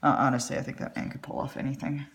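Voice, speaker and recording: A woman hosting a live drawing stream, chatting in a rambling way with quick asides. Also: very deep voice, little pitch movement. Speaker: artist and live stream host. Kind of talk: casual chat while drawing. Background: faint music.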